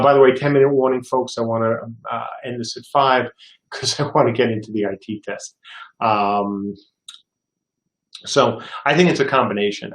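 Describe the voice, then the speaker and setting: Older male studio head for a livestream Q&A, gravelly voice, reads viewer questions aloud and rambles through anecdotes, recorded in an echoey room. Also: medium pitch. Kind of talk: casual livestream Q&A. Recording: roomy echo.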